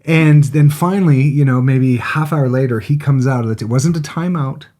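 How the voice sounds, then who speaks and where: A middle-aged man, co-host of a podcast, telling a personal story in a relaxed, conversational way and acting out the voices of the people in it. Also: mid-range voice, normal speed. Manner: animated storyteller, acts out quoted voices, frequent restarts.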